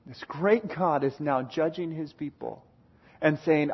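Husky-voiced male preacher, dramatic sermon. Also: a little slow, lo-fi sound. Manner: reads scripture aloud with dramatic swings from booming to hushed.

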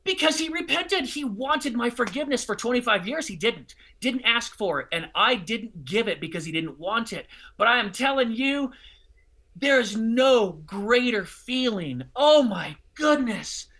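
A middle-aged man telling a personal story in conversation, expressive and bursting into loud excited outbursts. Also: extremely high pitch, measured pace. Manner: expressive, swings into loud excited outbursts when acting out scenes. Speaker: guest, charity fundraising speaker.

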